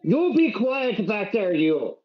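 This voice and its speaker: A man roleplaying a cleric with a put-on Irish accent, earnest and a little preachy. His pitch swings widely and sits slightly high for a man. The voice-chat audio is dull and lo-fi. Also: sing-song, takes it slowly. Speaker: player voicing a cleric. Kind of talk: in-character roleplay over voice chat.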